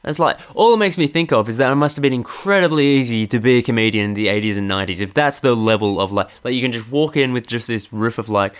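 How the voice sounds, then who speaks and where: A man's voice: medium pitch, quick pace, few pauses, clear, resonant tone. A man hosting a podcast, ranting sardonically and profanely in a rambling, casual way. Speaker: podcast host.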